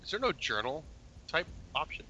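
A man chatting with friends over a game in short, upbeat replies. His voice is slightly high, very bright and lively in pitch. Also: normal speed, highs cut off, a little hiss or hum. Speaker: gamer on a playthrough show. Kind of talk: casual gaming chat.

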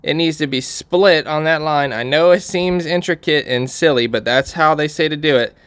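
A man's voice: on the high side, normal speed, a bit bright, clean tone, no echo. Guy walking thru a repair how-to, folksy and plain, dry close sound. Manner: plain-spoken, walks through steps while pointing things out; folksy, repeats warnings for emphasis. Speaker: mechanic hosting a repair channel. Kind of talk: casual how-to tutorial.

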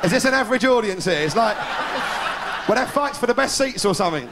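A man does live stand-up at a fairly high pitch, rambling from one story to the next. He often breaks into chuckles at his own jokes. The old tape adds a clear hiss under his voice. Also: animated, quick pace. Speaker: stand-up comedian. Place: live comedy venue with audience. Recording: 1990s VHS live recording with hiss.

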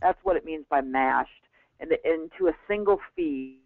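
A woman's voice: low voice, measured pace, creaky, dry recording. A woman teaching a live webinar in a casual, rambling way, with frequent restarts and fillers. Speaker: webinar instructor. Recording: tinny phone-like line, dry.

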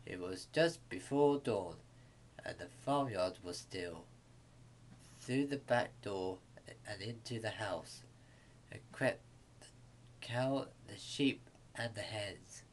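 A man reading a bedtime story aloud to kids, in a halting way with small restarts. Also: on the low side, slight background noise.

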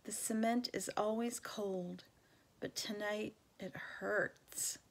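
Woman reading a kids' novel aloud, measured and gentle, slow, mid pitch. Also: steady tone, gravelly. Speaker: reader.

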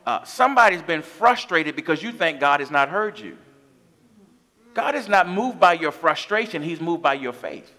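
A man's voice: on the high side, very animated, normal speed, pushed and bright. A man preaching a sermon as pastor of his church, impassioned, with call-and-response asides to the congregation. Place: church sanctuary.

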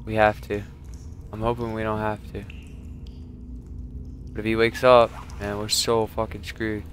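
A man streaming a survival game, commenting live as he plays, cursing often and jumping from low muttering to panicked yelling. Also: monotone, unhurried, slight background noise. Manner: swears a lot, swings from muttering to panicked yelling.

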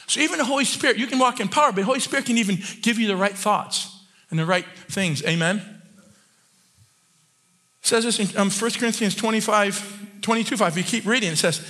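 A man, a church elder, preaching a sermon with passion, moving from quiet talk to shouting and often restarting his sentences. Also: sits high. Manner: many restarts and repeated words.

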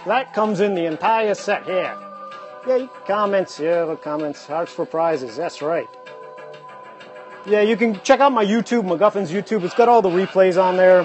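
A man hosting a casual livestream, excitedly exclaiming over items as he unboxes them on a phone mic. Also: high-pitched, normal speed, soft background music. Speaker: livestream host.

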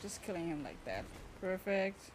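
A woman's voice: fairly low pitch, sing-song, moderate pace, a little hiss or hum. A young woman, chatting and exclaiming as she streams a game. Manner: chatty, exclaiming, talks to chat. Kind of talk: casual gameplay commentary.

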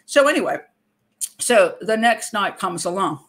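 A woman host telling a true story to her viewers in a casual monologue. Her pitch sits in the middle, and she slips in laughs as she goes. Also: animated, measured pace. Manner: chatty, laughs often, acts out quotes. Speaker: criminal profiler and show host.

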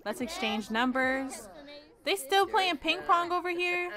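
Young woman host with a bright high voice, playful and profane, riffing over her game. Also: measured pace. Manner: playful, excitable, slangy and profane. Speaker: gaming channel host. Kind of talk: casual let's-play commentary.

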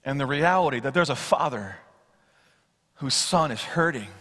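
Bright-voiced preacher man, hall echo. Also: medium pitch, expressive, moderate pace. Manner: expository preaching, acts out Bible quotes, swings from loud to hushed. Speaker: pastor. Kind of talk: sermon. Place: church sanctuary. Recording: long church hall reverb.

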